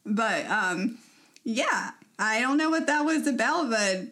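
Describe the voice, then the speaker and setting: She's a young podcast co-host sharing a story in relaxed conversation, laughing a lot and leaning on fillers. Her voice is on the high side, expressive and a bit bright, with a slow pace.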